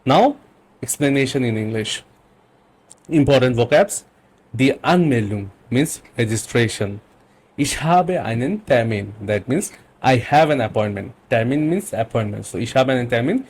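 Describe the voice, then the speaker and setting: A man teaching German vocabulary in English, explaining patiently and repeating phrases slowly. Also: mid-range voice, expressive, a little mellow, slight background noise. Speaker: language teacher.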